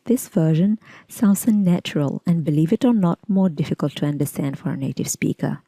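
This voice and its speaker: A woman with a fairly low, mellow voice teaches English pronunciation from a script, sounding animated yet measured and deliberate. She says the example words slowly, and the recording has no echo.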